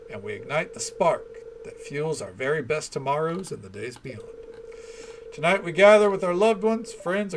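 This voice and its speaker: A man's voice: on the high side, a little hiss or hum, voice pushed up. Man putting on an accented town leader, ceremonious. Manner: put-on accent, ceremonious then teasing. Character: town leader hosting a New Year bonfire ceremony.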